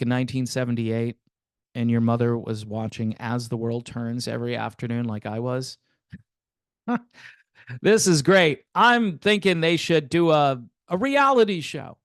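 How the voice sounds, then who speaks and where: A man in his fifties hosts a music commentary show, talking casually with wry, sarcastic, theatrical asides. His voice sits a little high for a man. The sound is dry and close, with no room echo. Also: a bit bright. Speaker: host of a music commentary channel.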